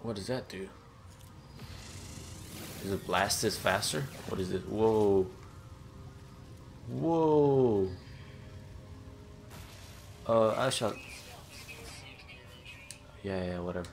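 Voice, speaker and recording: A man's voice: lowish voice, slow, gravelly, long pauses, slight background noise. A young man casually commenting on his own gameplay, exclaiming and gasping often as he explores. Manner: excitable, gasps and exclaims often. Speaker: gaming channel host. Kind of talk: casual let's-play commentary.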